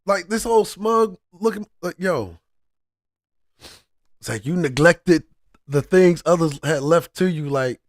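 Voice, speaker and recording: A man's voice: on the high side, lively intonation, slow pace, pauses often, no echo. A man giving casual reaction commentary as a channel host, heated and profane, often restarting his sentences.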